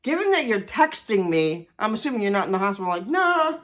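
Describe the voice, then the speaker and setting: A woman's voice: mid-range voice, big pitch swings, quick pace. A woman in her forties telling a personal story in a casual vlog, self-deprecating and swearing often. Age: 40s. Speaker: vlogger.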